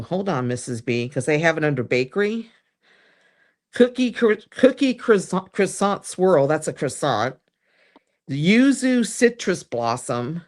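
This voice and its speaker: This is a livestream host in loose, casual conversation, rambling from one thing to the next. Sentences often trail off or restart partway through, in an easygoing, talkative way. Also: mid-range voice. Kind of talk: casual chat.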